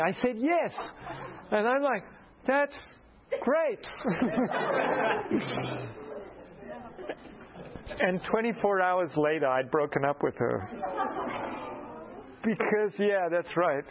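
A man preaches through a personal story, poking fun at himself and acting out each exchange. His voice sits a little high and climbs further when he gets excited. The recording sounds dull and lo-fi. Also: noisy background. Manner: animated, self-mocking storyteller who acts out dialogue. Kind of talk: storytelling sermon.

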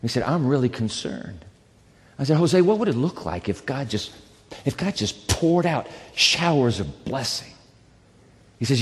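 Storytelling pastor in a reverberant hall. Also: male voice, mid-range voice, moderate pace. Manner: conversational, animated retelling with quoted dialogue. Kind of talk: sermon storytelling.

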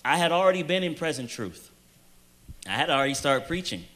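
A man speaking on a youth panel, his tone bright and forceful. He tells a personal story in an earnest, halting way, with repeated starts, then slows right down to press a point home. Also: a little high, very animated. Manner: earnest storytelling with hesitant restarts and emphatic slowed phrases.

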